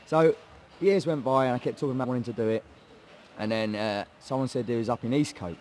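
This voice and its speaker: In a casual interview, a young English MMA fighter with a Hertfordshire accent tells a laddish, sweary story about how he got into training, chatting away and mimicking the people he quotes. His voice is medium-pitched, quick, and slightly mellow, with a bit of background noise.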